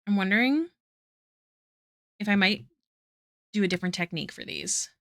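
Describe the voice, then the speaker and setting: A young woman chats casually with her stream, her voice bright and forward. She drifts into low muttered asides as she works. The sound is close and dry. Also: lively intonation, normal speed, gravelly, no echo. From Canada. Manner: chatty, muttering asides while drawing, talking to chat. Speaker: art streamer. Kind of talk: casual livestream chat.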